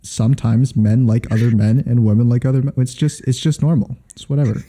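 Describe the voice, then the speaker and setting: A man co-hosting a casual podcast chat, making deadpan, sarcastic jokes. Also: mid-range voice, brisk. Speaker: podcast co-host.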